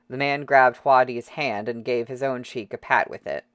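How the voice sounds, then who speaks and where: Steady audiobook reader, mid voice, very dry close audio. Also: mid-range voice, moderate pace, few pauses, clean tone, no room sound. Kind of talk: audiobook narration.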